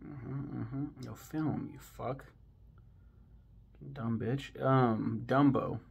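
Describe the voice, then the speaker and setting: A man's voice: medium pitch, steady tone, extremely slow, creaky, breathy edge. A man hosting a casual film commentary from home, rambling and swearing freely between lots of ums, with the eager tone of a fan. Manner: rambling and profane, with frequent ums; enthusiastic fan tone. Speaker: movie review host. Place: home with kids nearby.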